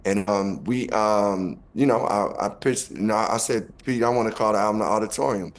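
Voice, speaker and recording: A man with a Chicago accent, a guest rapper telling an animated story and acting out quotes with laughter. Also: on the low side, normal speed. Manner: acts out quotes, laughing, back-and-forth.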